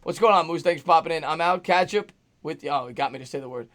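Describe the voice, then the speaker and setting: High-voiced, hoarse man calling plays. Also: quick pace, a bit bright. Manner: upbeat, reads out super chats and calls plays. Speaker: host. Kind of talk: live play-by-play stream with chat shout-outs.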